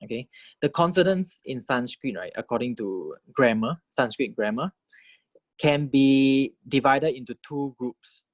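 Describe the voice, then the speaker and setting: A man's voice: medium pitch, expressive, no room sound. A man teaching a language class as a lecture, patiently modeling sounds and checking in with "right?" as he goes. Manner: patient, repeats key points with "right?" checks; models sounds slowly and clearly.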